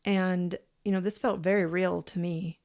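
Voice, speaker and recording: A woman co-hosting a podcast, telling a personal story in a casual, animated way, acting out what people said and swearing freely. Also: fairly low pitch, normal speed. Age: parent, adult. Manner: animated, acts out quoted voices. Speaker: podcast co-host.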